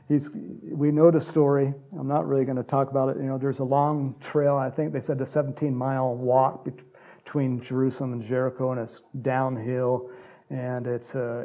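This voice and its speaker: A man's voice: mid-range voice, warm tone. A man preaching a conversational sermon as a pastor, acting out Bible characters in little voices.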